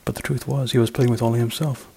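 A man, an author, reading his short story aloud in a measured, even manner. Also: medium pitch, creaky, a little hiss or hum, rough recording.

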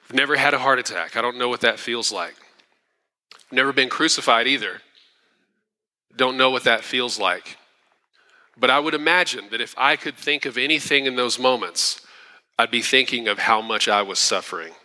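Man, pastor, sermon, earnest, animated, bright forceful tone, reverberant sanctuary. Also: medium pitch, moderate pace, pauses often. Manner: earnest, animated preaching with acted-out quotes. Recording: long hall reverb.

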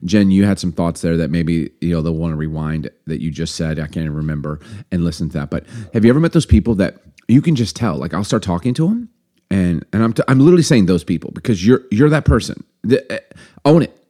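A fairly low-pitched man chatting on a podcast, lively and joking. He laughs easily and keeps the talk light while making his point. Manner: animated, joking, quick to laugh. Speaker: podcast co-host. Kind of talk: casual podcast chat.

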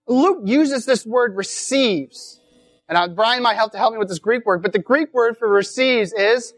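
A woman's voice: a little high, normal speed, faint music behind. A woman giving a conversational sermon at a weekend retreat, repeating words as she goes and often asking "right?". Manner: casual, repeats words, asks rhetorical questions. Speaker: speaker at a weekend church retreat.

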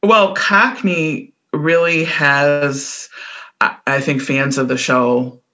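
Midwestern lady cohosting a chatty podcast, bright voice, laughs a lot. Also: low voice, fairly even intonation, slow. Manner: chatty, laughs often, explains things. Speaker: podcast co-host. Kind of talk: casual chat.

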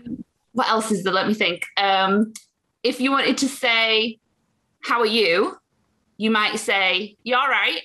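Bright, cheerful Yorkshire woman. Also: mid-range voice, takes it slowly, pauses often. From England. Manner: cheerful, laughs easily. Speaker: guest. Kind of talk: casual interview chat.

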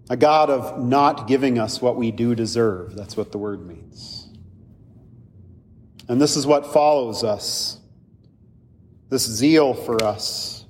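Earnest male pastor in a reverberant church. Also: medium pitch. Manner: earnest, conversational preaching with frequent "right?" asides. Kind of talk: sermon.

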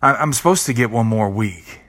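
A man's voice: mid-range voice, lively intonation, normal speed, fairly bright tone, voice pushed up, lightly acted. A man voicing a dying man who pleads with death for one more week. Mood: pleading.

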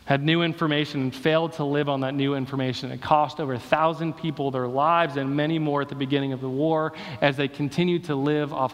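A man preaching a sermon, delivering emphatic repeated rhetorical questions. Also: medium pitch. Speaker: pastor. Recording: long reverb of a hall.

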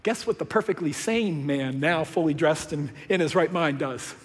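A man preaching a sermon as pastor, swinging between hushed lines and loud, excited bursts. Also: a little high, normal speed. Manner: animated, swinging from hushed to shouted. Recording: long hall reverb.

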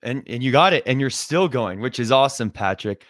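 A man's voice: medium pitch, lively intonation, a little fast, a bit bright, no echo, clean studio sound. A young man hosting a podcast in casual interview style, friendly and upbeat, with lots of "you know" and "right". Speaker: podcast host.

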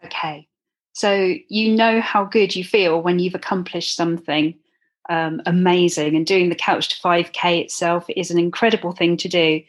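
A woman's voice: fairly low pitch, steady tone, normal speed. A woman guest telling her running story in a chatty, earnest way, with many ums. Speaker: guest, club runner. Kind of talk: casual interview.

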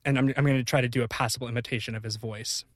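A man co-hosting an improvised comedy podcast, excitable and rambling, breaking into laughter. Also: medium pitch, rapid-fire, dry recording, clean studio sound. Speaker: podcast co-host.

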